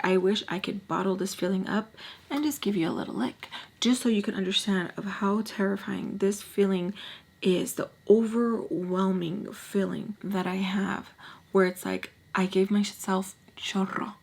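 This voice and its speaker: Young woman vlogger, casual storytime delivery, animated with hushed asides. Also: medium pitch, normal speed. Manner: chatty, animated, often drops to a whisper.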